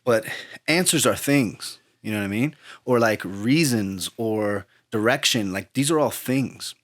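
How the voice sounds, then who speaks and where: A man's voice: on the low side, unhurried, no echo, studio quality. A man talking as an interview guest, telling a personal story in an earnest, reflective way. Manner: earnest, reflective, drifts into lively retelling. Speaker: guest musician. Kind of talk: storytelling conversation.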